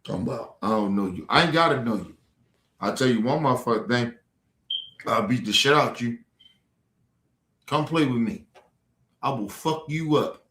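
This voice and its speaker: A man's voice: medium pitch, expressive, moderate pace, long pauses, a bit bright, roomy sound. A man ranting at a viewer on a livestream, aggressive and profane. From Baltimore. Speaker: streamer. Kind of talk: livestream rant.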